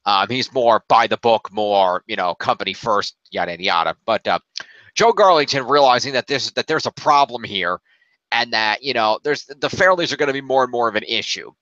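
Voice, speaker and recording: A man's voice: mid-range voice, lively intonation, fairly quick, fairly bright tone, dry recording. A man hosting a casual review podcast, recapping a story at length with lots of fillers. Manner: rambling plot recap with many fillers. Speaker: podcast host. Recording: dull lo-fi dry recording.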